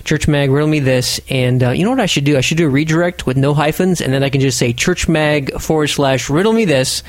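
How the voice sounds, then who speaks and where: A chatty man hosts a casual podcast with a self-deprecating, rambling manner. His voice sits a bit high for a man. The sound is dry and close to the mic. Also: a little fast, no room sound. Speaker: podcast host.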